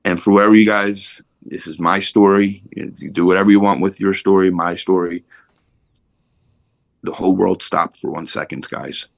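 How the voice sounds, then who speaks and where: A middle-aged man with a very low, gravelly voice tells his recovery story bluntly, swearing freely. He talks casually as a podcast guest, and his voice sounds dry and close to the mic. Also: steady tone, normal speed, no room sound.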